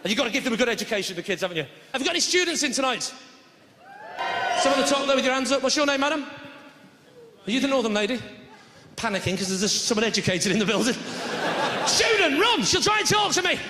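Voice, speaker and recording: Brief: quick male comedian working a live audience, voice bouncing around the hall over noticeable crowd noise. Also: extremely high pitch. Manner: quick banter with the audience and frequent tag questions. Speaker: stand-up comedian. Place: theatre stage before a live audience. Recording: echoey theatre with audience noise.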